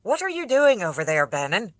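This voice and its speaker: An audiobook reader voicing an excitable, blunt young city man who calls out loudly. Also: mid-range voice, normal speed, no echo, clean studio sound, pitched above the performer's own voice, natural voice. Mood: calling out. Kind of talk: audiobook character voice.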